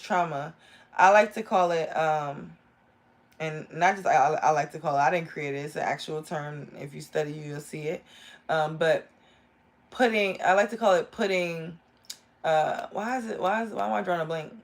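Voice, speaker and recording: Enthusiastic woman giving a live tarot reading. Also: fairly low pitch. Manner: rambling, enthusiastic, talks straight to viewers. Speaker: tarot reader.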